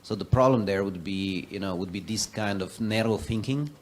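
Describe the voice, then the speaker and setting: A man on a conference panel, an investor and professor, answering a question in a measured, explanatory way. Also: fairly low pitch, slight background noise.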